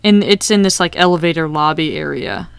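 Woman, casual recap chat, smooth low voice, dry close sound. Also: fairly quick, no echo. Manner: reads quotes aloud and acts out scenes. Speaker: podcast co-host.

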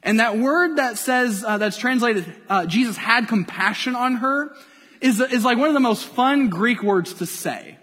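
A male pastor preaching a sermon to a church congregation, lively and playful as he draws listeners in. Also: very high-pitched, unhurried. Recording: long hall reverb from a church.

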